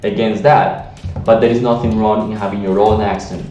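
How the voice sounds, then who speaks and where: A man's voice: on the low side, little pitch movement, moderate pace, warm tone, echoey room, distant mic, faint music behind. A man with a Latin American Spanish accent, giving an earnest teaching talk on language learning with frequent restarts. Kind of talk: teaching monologue to camera.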